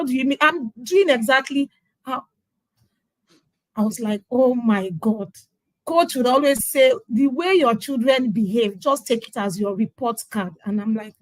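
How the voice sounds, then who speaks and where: In a conversational testimonial, a middle-aged Nigerian-accented woman, interviewed as a guest, shares her parenting journey. Her slightly high voice carries emphatic storytelling, and she acts out what the people in her story said. The audio is close and dry, with no room echo.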